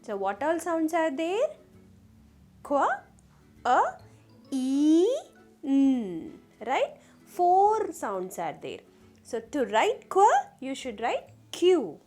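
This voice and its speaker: A woman leads a phonics lesson for children, sounding out letters one by one and checking in with the class. Her voice sits high and swings widely in pitch. She speaks slowly, with soft music faintly behind her. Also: very animated. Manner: slow, sounding out letters and asking the class questions. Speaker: teacher.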